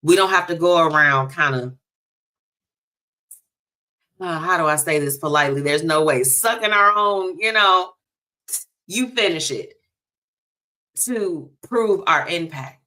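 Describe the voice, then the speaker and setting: Woman host, low-ish bright voice, animated, talks straight to her listeners. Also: a little slow, long pauses. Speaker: radio show host. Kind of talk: casual chat segment.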